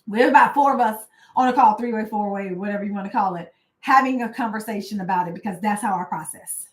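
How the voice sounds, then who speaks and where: A woman's voice: medium pitch, quick pace. A woman life coach giving a casual, conversational motivational talk, often checking in with "right?" and "y'all". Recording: roomy echo.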